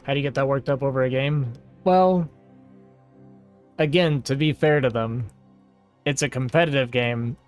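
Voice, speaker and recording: A man's voice: mid-range voice, normal speed, pauses often, clean tone, faint music behind. A man hosting a livestream, talking casually and at length to his viewers and reading out their comments. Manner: rambling and talkative, reading chat aloud. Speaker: livestream host. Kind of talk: casual chat to a stream audience.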